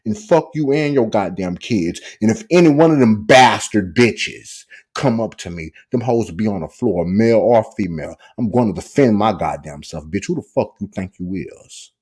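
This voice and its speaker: Furious, husky-voiced man ranting. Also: fairly low pitch, lively intonation, normal speed, few pauses, darkish tone. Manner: furious, profane, taunting. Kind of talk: angry livestream rant.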